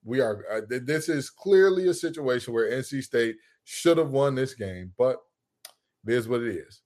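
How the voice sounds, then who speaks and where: A man co-hosting a sports podcast in loose, casual chat. He talks in an animated, jokey way and trash-talks freely. His voice sits in a middle pitch. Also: moderate pace. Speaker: podcast co-host.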